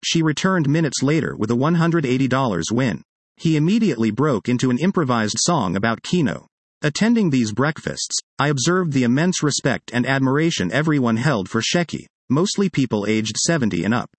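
Man telling a lively first-person story. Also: mid-range voice, brisk, dry recording. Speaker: comedian reading his own tribute essay. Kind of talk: scripted first-person narration.

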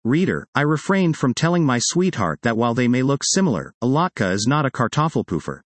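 A man narrates a personal essay with wry, expressive timing. His mid-pitched voice moves through a wide, lively range. The sound is dry and close, with no room around it. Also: brisk, dry recording. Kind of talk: reading a personal essay aloud.

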